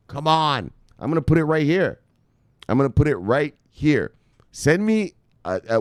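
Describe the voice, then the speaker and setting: A Miami Beach, Florida man hosts a crypto news channel, giving casual video commentary that's playful, hyped, and full of laughter. His medium-pitched voice is clear and resonant, recorded at studio quality with no echo.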